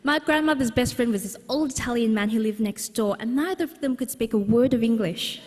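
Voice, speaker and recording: Woman, higher voice, funny storytelling talk, long hall reverb. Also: a little fast, darkish tone. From Australia. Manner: humorous, anecdotal, frequent fillers. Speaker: speaker at a book launch. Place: large exhibition hall, live audience.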